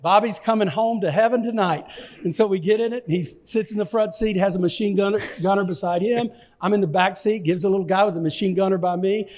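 A man from Texas, a pastor telling an animated, self-deprecating story with stammering restarts. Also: high voice, fast, in a large hall. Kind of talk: anecdotal storytelling in an interview.

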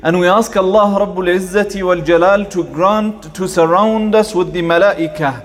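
A male preacher giving a sermon, rattling off Arabic prayers and chanting Quran verses between slower explanation. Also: high voice.

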